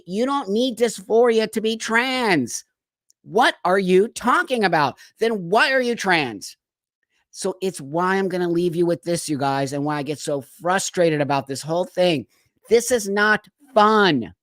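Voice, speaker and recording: A man's voice: high voice, fairly bright tone, no room sound. An older man hosting a live stream, ranting angrily and bluntly with profanity and sarcastic mock quotes. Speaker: show host. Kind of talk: heated live-stream commentary.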